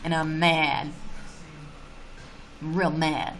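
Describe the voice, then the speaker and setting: A woman chatting on a livestream in a fairly low voice, blunt and animated, swearing freely as she vents. She sounds casual and unpolished. A faint background noise sits under her voice. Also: very slow. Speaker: YouTuber streaming live. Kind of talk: casual livestream chat reading comments.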